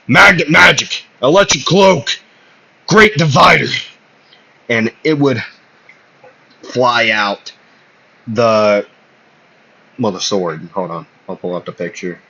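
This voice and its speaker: Slow, rambling male fan storyteller. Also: lowish voice, a bit bright. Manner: rambling, hesitant, many fillers and self-corrections. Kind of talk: casual spoken fan fiction. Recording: slightly muffled lo-fi audio.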